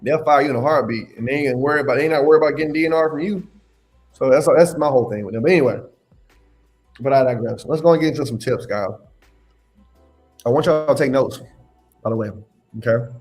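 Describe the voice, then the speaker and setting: A man's voice: mid-range voice, quick pace, long pauses, a little mellow, faint music behind. A man hosting a live question-and-answer stream, giving blunt, emphatic advice and scolding his viewers. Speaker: host answering live questions on insurance adjusting.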